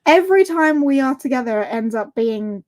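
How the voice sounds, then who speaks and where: A woman with a high voice chats on a livestream. She drops short, wry, teasing comments into the conversation. Her delivery is casual and relaxed. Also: a little fast. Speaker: livestream co-host. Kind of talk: casual chat.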